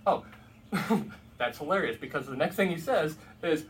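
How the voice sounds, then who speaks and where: Male Bible storyteller, casual and wry, fairly high voice, distant mic. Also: expressive, a little slow. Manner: conversational and humorous, with asides. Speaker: Bible teacher. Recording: distant mic with faint background noise.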